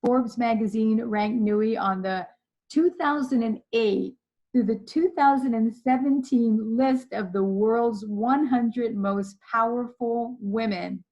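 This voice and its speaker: A woman leadership trainer giving a slide presentation, telling a personal story in a chatty, animated way. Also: fairly high pitch, slow, lo-fi sound.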